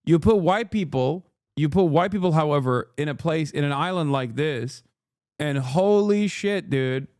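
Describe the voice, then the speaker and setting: A man reacting live to a video, loud and profane, sounding incredulous at what he watches. His voice is a touch high, and the sound is dry and close with no room around it. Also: normal speed, few pauses, no room sound. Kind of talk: casual live commentary.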